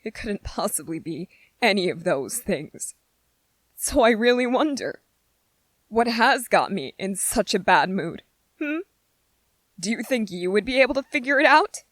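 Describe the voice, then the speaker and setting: A woman's voice: medium pitch, sing-song, measured pace, fairly bright tone, no echo. A woman voicing an irritable young male soldier trainee in a whispered role-play, speaking with biting sarcasm and strained patience. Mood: sarcastic.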